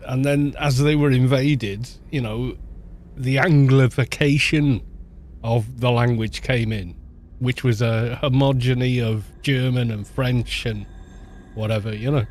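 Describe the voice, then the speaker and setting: A man's voice: mid-range voice, fairly even intonation, a little slow, a little mellow. A man with a North Welsh accent, a streamer chatting casually and rambling with frequent restarts. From North Wales. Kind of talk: casual chat.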